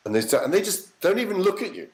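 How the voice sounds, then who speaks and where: Middle-aged man telling lively anecdotes. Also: high-pitched, quick pace, poor audio. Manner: animated anecdotes with acted-out quotes and swearing. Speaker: voice actor guest. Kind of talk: casual interview storytelling.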